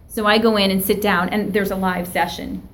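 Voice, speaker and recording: A woman's voice: medium pitch, level tone, normal speed, slight background noise, rough recording. A middle-aged woman, a therapist and professor, telling stories in an interview, acting out quoted voices and laughing often. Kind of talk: animated storytelling in an interview.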